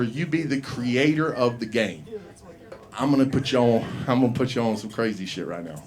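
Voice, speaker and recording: A man's voice: medium pitch, expressive, a little fast, darkish tone. A middle-aged man doing open mic stand-up, rambling and profane, laughing at his own jokes in a small comedy bar.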